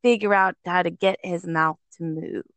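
Middle-aged woman, lowish voice, dry close sound; animated storyteller. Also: moderate pace, no echo. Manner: animated, acts out quoted voices, laughs often. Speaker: guest, parent. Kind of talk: conversational storytelling.

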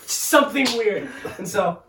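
A young man chatting casually as a podcast co-host, animated and rambling, laughing often. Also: sits high, unhurried. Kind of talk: casual chat among friends. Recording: echoey room, distant mic, faint noise.

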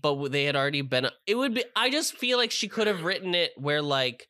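Man co-host, bright tone, thinks aloud, dry close sound. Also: fairly high pitch, very animated, brisk, no room sound. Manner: musing, thinks aloud with restarts. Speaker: podcast co-host. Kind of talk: casual chat.

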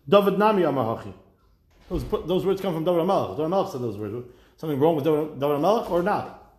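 A man teaching a Talmud class, reading each line and retelling it as a lively story with wry asides. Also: on the high side, quick pace, roomy sound.

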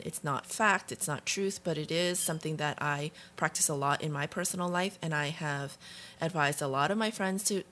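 A woman's voice: deep voice, a bit bright, a little hiss or hum. A woman co-hosting a podcast, talking in a reflective, frank way and now and then swearing. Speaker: podcast co-host. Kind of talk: casual conversation.

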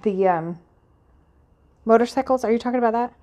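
A woman's voice: on the high side, brisk, warm tone. A woman co-hosting a casual podcast, playful and self-mocking, often stumbling over her words. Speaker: podcast co-host. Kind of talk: casual chat.

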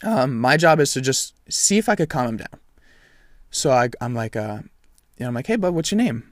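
A young man tells a gripping story in loose, conversational chat. He swears a lot and jumps into quoting the people involved. His voice sits at an ordinary pitch for a man, recorded close and dry with no room sound. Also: moderate pace, dry recording. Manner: animated, profane, reenacts dialogue.

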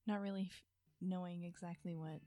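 A woman's voice: lowish voice, steady tone, brisk, warm tone, no room sound, faint music behind. Chatty woman radio host, rambling. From American Midwest. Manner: rambling, filler-heavy, laughs easily. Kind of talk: casual on-air chat.

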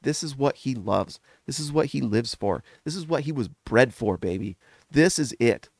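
Gravelly man gushing over basketball. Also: medium pitch, no room sound, studio quality. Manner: animated, gushing, talks in rapid runs. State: foggy from a recent illness. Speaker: podcast host. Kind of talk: casual sports commentary.

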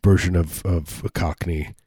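A man's voice: low voice, fairly even intonation, measured pace, dark tone, breathy edge, dry recording, clean studio sound. A man in casual comedic chat, rambling and joking, often slipping into silly voices. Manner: rambling, jokey, slips into silly put-on voices.

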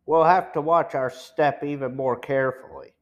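A man voicing a cautious teenage boy detective in an audiobook, speaking low and hushed. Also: fairly even intonation, moderate pace, dull audio, close to an everyday voice. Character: tense teenage boy detective, older brother.

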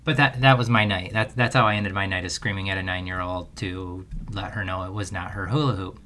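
A man's voice: deep voice, steady tone, fairly quick, pushed and bright, a little hiss or hum. A man hosting a parenting podcast alone, telling a long story in a loose, rambling way and laughing at himself often. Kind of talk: casual solo podcast monologue.

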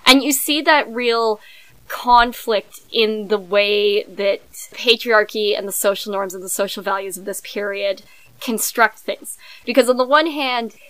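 A woman's voice: mid-range voice, a bit bright, clear, resonant tone, no echo, rough recording. A woman co-hosting a podcast, speaking in an articulate, analytical way with a few fillers. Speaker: podcast co-host. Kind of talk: casual discussion.

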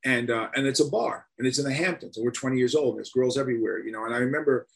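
A man in his seventies from New York, a musician being interviewed, telling stories with animated energy and acting out the voices. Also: mid-range voice, racing, creaky, breathy edge. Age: 70s. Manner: animated storyteller who acts out voices. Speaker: guest musician. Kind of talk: casual storytelling interview.

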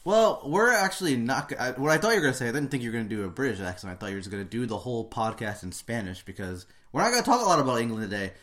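A man's voice: mid-range voice, big pitch swings, rapid-fire, few pauses, a bit bright. A man hosting a casual football podcast, talking in an easygoing way with fillers and restarts. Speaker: podcast host. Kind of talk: casual sports chat.

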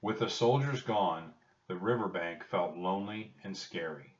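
A man reads a children's storybook aloud in a steady, plain way. His voice is very low. The recording is roomy, distant and dull. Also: measured pace. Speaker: narrator.

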